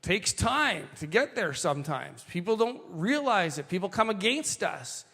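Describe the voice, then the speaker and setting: A man preaching a sermon, reading scripture and adding animated asides to the congregation. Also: high-pitched, big-room sound. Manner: animated, slows for quoted lines, asides to the congregation. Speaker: pastor.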